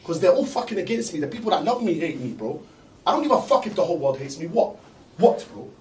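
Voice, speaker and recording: Male streamer, aggressive profane shouter, high voice, echoey room. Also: very animated, fast, distant mic. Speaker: streamer guest in mock therapy. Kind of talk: loud profane ranting. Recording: roomy, off-mic, faint noise.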